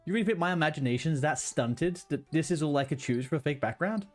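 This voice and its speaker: A man's voice: on the high side, lively intonation, fast talker, faint music behind. Ranting streamer guy. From London, England. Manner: chatty, ranting, swears freely. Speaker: livestreamer. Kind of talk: casual chat with viewers. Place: home room with a blue wall.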